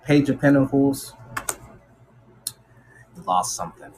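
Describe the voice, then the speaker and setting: A man talks through a tarot reading in a loose, slangy way, acting out what people might say. His voice sits at a middle pitch but moves a great deal. There is a faint hiss of noise behind him. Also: slow, rough recording. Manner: slangy and animated, acts out quotes. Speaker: tarot reader. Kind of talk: casual tarot reading monologue.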